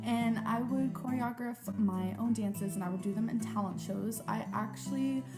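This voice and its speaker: A woman vlogging in a loose, chatty way, leaning on "like" as she goes. Her voice sits a little high. Music plays steadily behind her. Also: normal speed. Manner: chatty, peppered with "like". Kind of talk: casual vlog chat. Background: background music.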